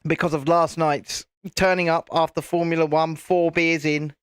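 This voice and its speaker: A man's voice: on the high side, flat delivery, moderate pace, fairly bright tone, clean tone, no echo. A man hosting a casual live stream, chatting and laughing while he builds, with mild swearing and frequent restarts. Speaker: host.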